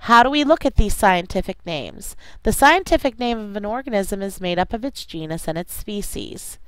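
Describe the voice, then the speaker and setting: A woman teacher giving a classroom science lecture, speaking deliberately and repeating key terms for students to write down. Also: mid-range voice, animated, clear, resonant tone, dry recording, poor audio.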